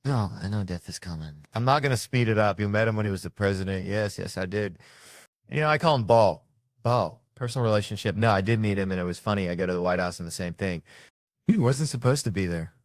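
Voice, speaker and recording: A male comedian with a very low voice tells a story for laughs. He acts out the other people in it and swears freely. The recording is dry and close, with no room sound. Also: animated, fast, dry recording. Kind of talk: comic storytelling.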